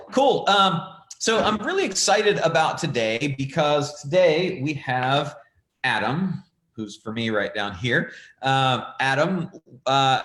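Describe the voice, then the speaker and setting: A friendly man hosts an online call at a middle pitch, introducing his guest with plenty of ums and uhs. His voice carries a noticeable room echo. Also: fairly bright tone, slight background noise. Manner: friendly, filler-heavy introductions. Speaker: host. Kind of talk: casual chat. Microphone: video call. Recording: roomy echo on call audio.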